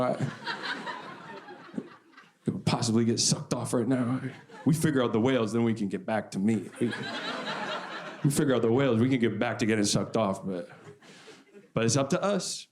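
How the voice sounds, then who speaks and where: A man doing a stand-up set on a club stage, deadpan and self-deprecating, repeating lines for effect. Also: medium pitch, normal speed, long pauses, noisy background. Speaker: stand-up comedian. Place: comedy club stage before a live audience. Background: audience laughter.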